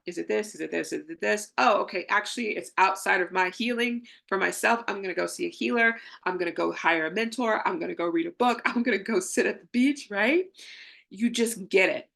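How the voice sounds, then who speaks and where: Gravelly-voiced woman spiritual coach. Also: mid-range voice, fairly bright tone. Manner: chatty, acts out inner voices, laughs often. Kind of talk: casual spiritual teaching talk.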